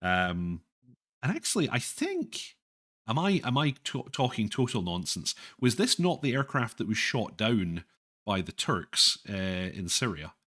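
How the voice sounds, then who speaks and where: A man hosting a casual livestream chat, relaxed and self-deprecating, hesitating with fillers. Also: on the low side, a little slow. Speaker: stream host.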